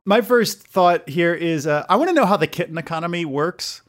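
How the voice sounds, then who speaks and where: A man's voice: fairly high pitch, animated, moderate pace, faint music behind. A man co-hosting a casual podcast, rambling with lots of fillers and laughing often. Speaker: podcast co-host. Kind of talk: casual chat.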